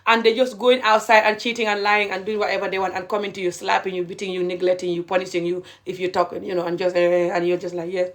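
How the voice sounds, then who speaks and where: A woman's voice: medium pitch, level tone, quick pace, few pauses. A middle-aged woman, ranting passionately and indignantly to viewers on a live stream, repeating her points.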